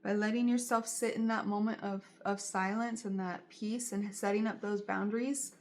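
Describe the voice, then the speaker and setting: A woman's voice: mid-range voice, steady tone, normal speed. A woman giving a tarot reading straight to her viewers, in a soothing, reassuring way and often repeating her phrases. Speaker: tarot reader.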